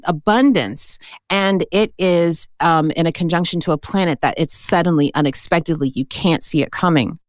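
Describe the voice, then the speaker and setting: A woman with a deep, low voice talks through an astrology reading in a relaxed, chatty way. She keeps checking in with her listener as she goes. The sound is dry and close. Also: no echo. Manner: chatty, animated, often says "okay?" and "right?". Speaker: astrologer host.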